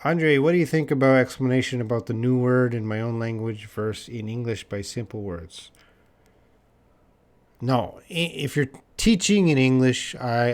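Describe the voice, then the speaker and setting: A Canadian man teaching English in a live online lesson, answering viewers' questions and repeating key words for learners. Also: medium pitch. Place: living in Korea.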